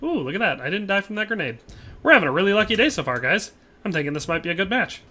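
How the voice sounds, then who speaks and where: A man's voice: sits high, sing-song, very fast, pushed and bright. A young man streaming a shooter game, chatting casually, reading chat aloud and laughing often. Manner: chatty, laughs often, trails off mid-sentence. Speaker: livestreamer. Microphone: headset.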